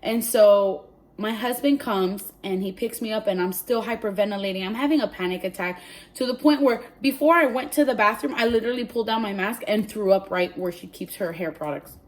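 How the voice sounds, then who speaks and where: A pregnant woman vlogging, telling a story to camera in an animated, chatty way, often saying "like" and "literally.". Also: mid-range voice, brisk.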